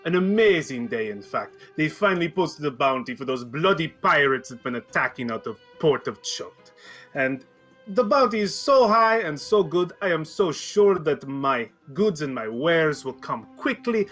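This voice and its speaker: A man's voice: a little high, big pitch swings, moderate pace, a bit bright, soft background music. A man voicing a boastful, wealthy male merchant prince who speaks in grand, formal phrases.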